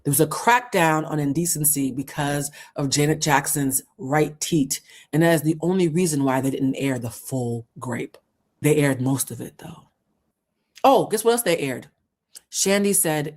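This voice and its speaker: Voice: mid-range voice, moderate pace, darkish tone. A vlogger retelling events in a heated, indignant commentary, acting out quotes along the way. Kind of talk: commentary storytelling.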